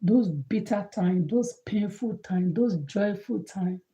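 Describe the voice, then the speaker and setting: Earnest, mellow-voiced woman urging gratitude. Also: mid-range voice, slow pace, poor audio. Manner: earnest, emphatic and repetitive. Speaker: motivational speaker. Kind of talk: motivational monologue.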